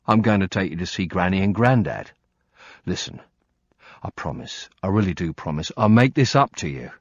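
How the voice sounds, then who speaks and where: A man reads a first-person audiobook in a plain, blunt, conversational way. His voice sits fairly low yet moves a lot in pitch. The recording is dry and a bit dull, with little room sound. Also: no room sound. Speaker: audiobook narrator.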